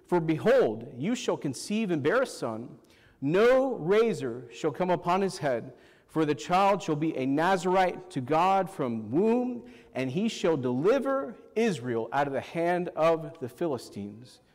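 High-voiced pastor preaching in a reverberant hall. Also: male voice, big pitch swings, measured pace, darkish tone. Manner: asks the congregation questions and repeats "Amen". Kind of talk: sermon.

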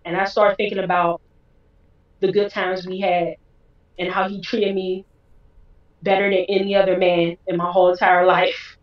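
A woman, a guest, telling a candid personal story in an animated way. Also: lowish voice, normal speed, pauses often. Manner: animated, acts out others' voices in quotes. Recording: roomy, distant, dull sound.

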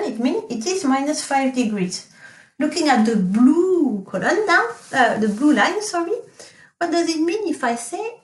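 A woman's voice: sits high, very animated, echoey room. A woman teaching a recorded lesson, patiently explaining with fillers and self-corrections and carefully modelling pronunciation. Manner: slow, careful model pronunciation of French words. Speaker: French teacher. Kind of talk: recorded online language lesson.

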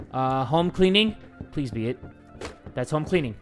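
A man commentating a video game he is playing, excitable, swearing often and breaking into shouts. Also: mid-range voice, unhurried. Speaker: gaming YouTuber. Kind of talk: let's-play commentary. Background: game music.

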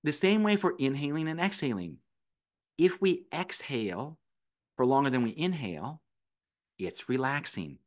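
Male meditation teacher as a podcast guest, a middle-pitched voice, explaining his methods patiently and methodically. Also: sing-song, normal speed, long pauses. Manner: patient, explanatory, walks through steps one by one. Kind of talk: conversational explanation.

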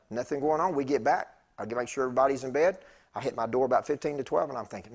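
A husky-voiced preacher with a drawl tells a story from the pulpit. His voice sits at an ordinary male pitch, and he moves between loud, lively bursts and quiet, hushed stretches. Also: rapid-fire. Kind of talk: sermon storytelling.

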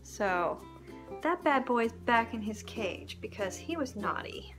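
A woman's voice: on the high side, big pitch swings, slow, a bit bright. A woman chatting cheerfully to the camera in a casual home vlog, showing what she is doing around the house. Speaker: vlogger. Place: family home, indoors. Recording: home video with music over it.

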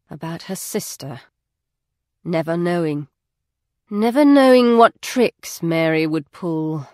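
A woman reading a novel aloud as an audiobook narrator, in an even, measured storytelling voice. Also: on the low side, no room sound. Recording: dry studio.

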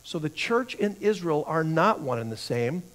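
A man's voice: a little high, sing-song, moderate pace. A man teaching a church Bible class, who asks the class questions, answers them himself and often repeats words while he thinks.

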